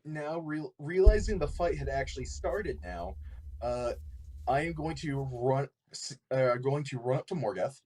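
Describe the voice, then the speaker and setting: A man's voice: mid-range voice, lively intonation, unhurried, a little mellow. A man playing a tabletop game, talking in a hesitant, laughing way. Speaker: player.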